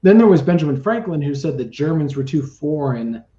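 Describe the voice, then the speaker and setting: A man's voice: a little high, expressive, a little fast, warm tone. A man co-hosting a podcast in casual chat, rambling and full of fillers as he argues a point. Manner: rambling, filler-heavy, argumentative. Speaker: podcast co-host. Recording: echoey, muffled room audio.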